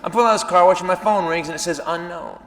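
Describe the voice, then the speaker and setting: A man doing stand-up storytelling on a live stage, animated, jumping between shouting and hushed asides. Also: sits high, rapid-fire, big-room sound. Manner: animated, bursts into shouting, drops to near-whispers. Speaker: stand-up comedian.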